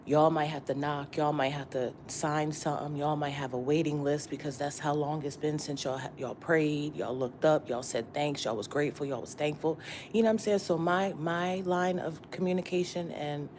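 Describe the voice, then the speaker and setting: A woman tarot reader talks straight to her viewers in a loose, slangy morning chat. She swears freely and repeats her points for emphasis. Her voice sits low, with faint background noise. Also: steady tone, moderate pace, a little mellow. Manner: repetitive and emphatic, often asking "you get what I'm saying?". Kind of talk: casual morning pep talk.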